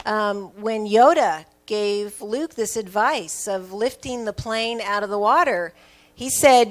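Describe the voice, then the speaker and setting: Lively woman telling a family story. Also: medium pitch, unhurried. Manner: animated, acts out family dialogue with rising excitement. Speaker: guest, mother of five. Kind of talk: personal storytelling in an interview.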